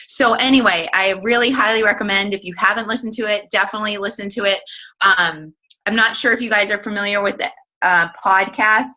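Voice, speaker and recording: A woman's voice: medium pitch, fairly even intonation, brisk, bright, forceful tone, rough recording. A woman leading a casual online team call, chatty and giggly, with plenty of fillers. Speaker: team leader hosting a coaching call. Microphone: online group call.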